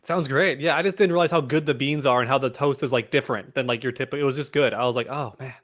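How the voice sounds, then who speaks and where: A man's voice: mid-range voice, racing, fairly bright tone. An American man in casual chat who laughs often and fills his talk with 'like'. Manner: laughs often, peppers speech with like.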